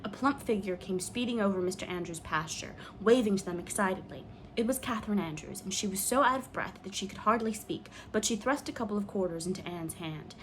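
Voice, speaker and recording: A woman narrating an audiobook in a measured, expressive way. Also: medium pitch, slight background noise. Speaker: audiobook reader.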